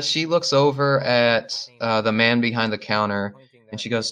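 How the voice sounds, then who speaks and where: A man's voice: mid-range voice, moderate pace, fairly bright tone, clear, resonant tone. A man narrating a tabletop role-playing game as game master, casual and full of fillers, over a video call.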